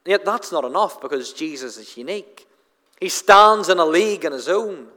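A man's voice: on the high side, lively intonation, normal speed, sharp tone. A man preaching an expository sermon in an earnest manner, often repeating words as he drives home a point. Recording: long hall reverb.

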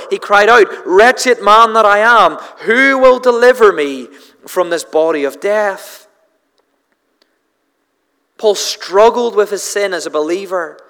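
A man's voice: high-pitched, fairly bright tone. Earnest male preacher in a reverberant hall. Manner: earnest, emphatic preaching with repeated refrains and restarts. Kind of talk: sermon.

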